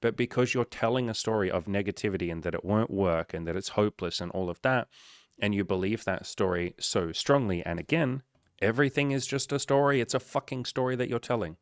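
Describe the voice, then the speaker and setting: A man coaching on dating in a casual, blunt way, with plenty of swearing. His voice sits fairly low and sounds dry and close, with no room around it. He keeps breaking into short acted-out exchanges to make his points. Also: fairly quick, smooth, no room sound. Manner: blunt, swears often, acts out little dialogues. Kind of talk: casual motivational talk.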